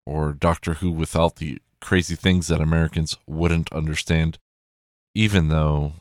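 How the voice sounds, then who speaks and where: A man's voice: very deep voice, fairly even intonation, measured pace, no room sound, clean studio sound. A man chatting casually and rambling, with plenty of swearing and self-corrections.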